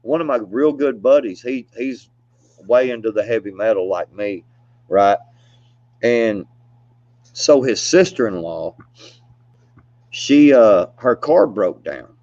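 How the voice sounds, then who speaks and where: A man's voice: mid-range voice, expressive, slow pace, pauses often, darkish tone, dry recording. A man telling stories in a casual chat, laid-back and rambling, laughing often and filling gaps with "you know". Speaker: storyteller. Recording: dull, dry lo-fi recording.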